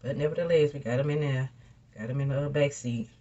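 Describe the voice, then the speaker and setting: A woman's voice: rumbling low, quick pace, muffled recording. Chatty woman telling a story at home. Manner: animated, chatty, addresses viewers as y'all and girl. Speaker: beauty vlogger. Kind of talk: casual storytelling makeup tutorial.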